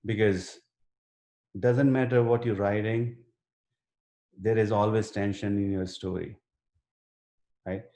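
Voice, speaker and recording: Guy running a writing class on a video call, lowish voice, kinda echoey room, lots of "you know"s. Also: fairly even intonation, slow, pauses often, mellow. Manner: earnest, explains with many fillers and restarts. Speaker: writing instructor. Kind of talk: live online workshop Q&A.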